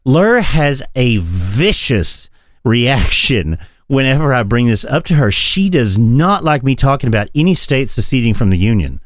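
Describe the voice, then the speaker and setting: Profane, animated man on a podcast. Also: medium pitch, normal speed, dry recording. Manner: profane, animated, laughs often. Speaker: podcast co-host. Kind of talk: casual political chat.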